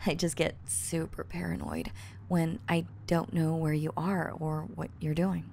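A young woman playing an obsessive girl who has kidnapped her crush, giggling, teasing and dropping into soft whispers, in an audio role-play. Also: low voice, fairly even intonation, slow pace, creaky, slight background noise, full character voice. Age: young adult. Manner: breaks off to fix her own lines. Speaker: voice actress.

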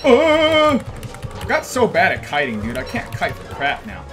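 A young man streaming a game, talking to himself in bursts that swing from loud yelps to low mutters. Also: huge pitch swings, a little slow. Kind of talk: gaming commentary. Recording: game music underneath. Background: game music.

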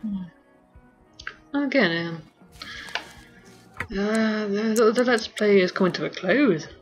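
Slow, rambling woman gaming. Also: mid-range voice, soft background music. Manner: rambling, giggly, thinking aloud with many pauses. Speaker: let's play host. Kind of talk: casual gameplay commentary.

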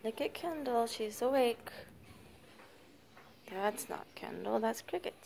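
An older woman, a grandmother babysitting, softly narrating a home video in an upstairs family room, often dropping to a whisper and coaxing the little ones. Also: fairly high pitch, animated, a little slow, creaky, pauses often. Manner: soft-spoken, often hushed to a whisper; coaxing, praising grandmotherly baby talk. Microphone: handheld phone camera.

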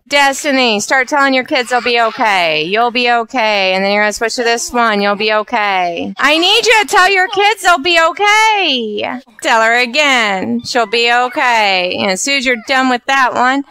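A woman's voice: on the high side, bright, forceful tone, smooth. A woman hosting gameplay commentary, bossing and scolding the characters in her game. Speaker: let's play host.

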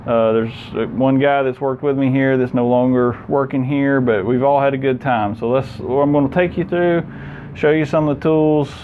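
Relaxed man touring his workshop. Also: mid-range voice, normal speed, narrow, tinny audio, a little hiss or hum. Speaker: shop owner giving a tour. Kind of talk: casual walkthrough tour. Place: indoor workshop.

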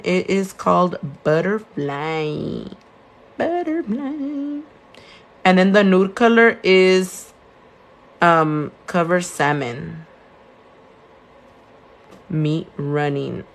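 A young woman with a Californian accent, a nail tech chatting casually on a live stream, answering viewer questions and mixing Spanish words into her English. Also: fairly low pitch. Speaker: nail tech and shop owner. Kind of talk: casual live-stream chat while doing nails.

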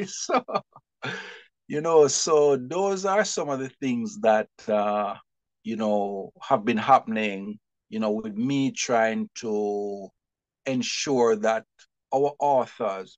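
A middle-aged man, a publisher and bookseller, telling stories in an animated, expressive way during an interview and often laughing. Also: medium pitch, no room sound.

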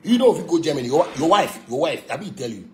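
A man speaking in a Ghanaian Pidgin English accent, with a voice that sits fairly high for a man. He rants in a boastful, taunting way, swears freely and hammers the same phrases over and over. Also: big pitch swings, quick pace, slight background noise. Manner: repetitive, insistent. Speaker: musician. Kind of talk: ranting monologue.

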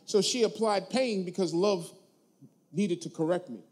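Pastor, male, high voice, sermon delivery with call-and-response, loud emphatic bursts between low asides. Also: measured pace. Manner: preachy, call-and-response with the congregation.

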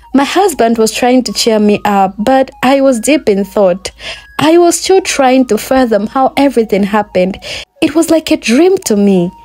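A woman narrating a first-person folktale in a plain, steady reading style. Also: on the high side. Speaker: storyteller.

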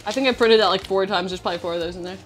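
A woman chats upbeat and casual on a cooking livestream, warmly thanking viewers by name. Her voice sits at an average pitch, with faint music running underneath. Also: rapid-fire. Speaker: cooking stream co-host. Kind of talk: casual chat while livestreaming.

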